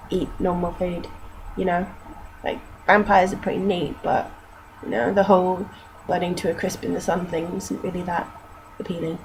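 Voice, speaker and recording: A woman's voice: medium pitch, a little mellow, a little hiss or hum, low-quality recording. A young woman from Britain with a mixed northern English accent, casually chatting and reading aloud for a vlog, swearing and laughing at her own slips.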